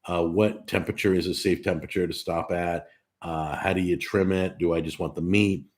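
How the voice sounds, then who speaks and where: A man hosting a casual live stream, reading out viewer comments and answering them in an animated, talkative way. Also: low voice, a little fast. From California. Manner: talkative and animated, with frequent restarts. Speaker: host of a cooking live stream.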